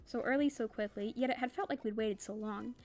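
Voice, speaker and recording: Young woman reader, slightly high voice, plain novel reading with casual asides. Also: brisk. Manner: reads plainly, breaks off for chatty, laughing asides.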